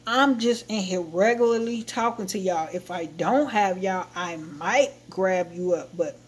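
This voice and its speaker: A woman hosting her own livestream, chatting casually and telling a rambling, animated story to her viewers. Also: lowish voice, unhurried, husky. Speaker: livestream host.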